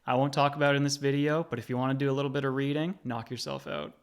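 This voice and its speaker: A man's voice: medium pitch, flat delivery, very fast, creaky, clean tone. A man in his thirties, a gaming channel host, narrating a scripted video essay in a conversational, lightly wry way.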